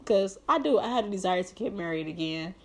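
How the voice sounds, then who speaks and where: A woman's voice: mid-range voice, lively intonation, fairly quick. Earnest young woman vlogging heartfelt advice. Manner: earnest, heavy use of "like", preachy encouragement. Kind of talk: heartfelt personal talk to viewers.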